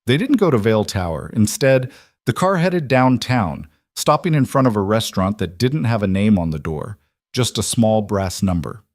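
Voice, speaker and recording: A man reading a scripted dramatic story in a steady, even narrating manner. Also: on the low side, normal speed, dry recording, studio quality.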